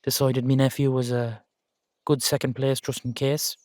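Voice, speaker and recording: A man's voice: mid-range voice, little pitch movement, moderate pace, darkish tone, no room sound, lightly acted. A man voicing a wary older Irish uncle, a retired safecracker, with a sly, teasing drawl. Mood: needling. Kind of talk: audio drama acting.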